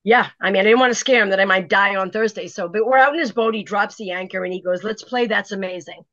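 A middle-aged woman, telling a personal story in an interview, animated and full of "you know" fillers. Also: medium pitch, fast, no room sound. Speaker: author guest. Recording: dry, dull lo-fi sound.

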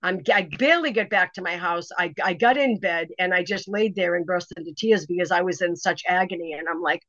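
A woman's voice: on the low side, a little fast, no echo. A woman, a first-time author, telling a dramatic story in a casual interview, full of restarts. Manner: animated, dramatic retelling with many restarts. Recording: slightly dull, dry lo-fi sound.

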